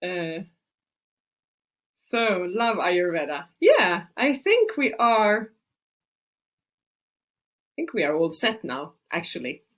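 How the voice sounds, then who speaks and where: Swedish woman, native swedish speaker, middle-aged, hosting a webinar, chatty with many fillers, lively swooping pitch. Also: slow pace, pauses often. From Sweden. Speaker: Ayurvedic practitioner hosting a webinar. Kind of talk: casual webinar talk.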